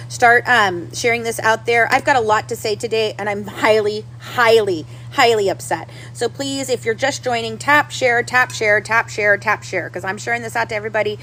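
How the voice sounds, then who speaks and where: A woman with a somewhat high voice hosts a casual livestream from home and talks straight to her viewers. She repeats herself and sounds restless and upset. A faint hum sits behind her. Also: moderate pace, few pauses, fairly bright tone, low-quality recording. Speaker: livestream host.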